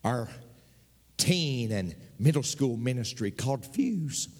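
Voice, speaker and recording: A man preaching a sermon as pastor, swinging between sudden high bursts and slow, drawn-out lines. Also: expressive, darkish tone. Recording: long hall reverb.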